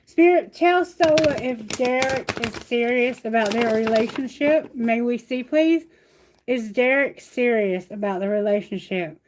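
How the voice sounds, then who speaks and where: A high-pitched woman reads tarot on a live stream from home. She speaks affectionately to viewers and puts her questions aloud to Spirit. The recording carries a clear layer of background noise. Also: measured pace. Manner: affectionate, reassuring, calls viewers sweetheart and baby; asks questions aloud to Spirit while drawing cards. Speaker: tarot reader. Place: at home, near her bedroom.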